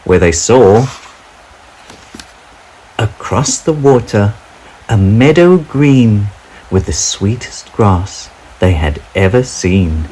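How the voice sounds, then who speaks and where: A man reading a children's storybook aloud with an expressive, sing-song delivery. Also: lowish voice, slow, slightly rough, low-quality recording.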